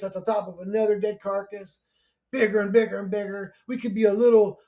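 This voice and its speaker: High-voiced man in a profane rant. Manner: profane, exasperated, rising to shouting. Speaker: YouTuber ranting to camera. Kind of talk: angry conspiracy rant.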